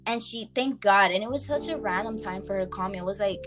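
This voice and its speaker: A young woman casually telling a personal story to a friend on a podcast, animated and full of fillers, calling her listener "girl". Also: mid-range voice, fast, music in the background.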